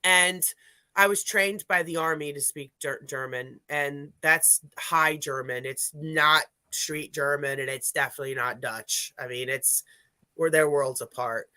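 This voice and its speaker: A speaker with a bright, forceful voice tells a meandering story in casual live-stream chat, stopping to correct themself and then picking up energy when recounting what people said. The sound is close and dry, with no room around it. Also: mid-range voice, steady tone, unhurried, clear, resonant tone, dry recording. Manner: rambling, self-correcting storyteller. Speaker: paranormal investigator.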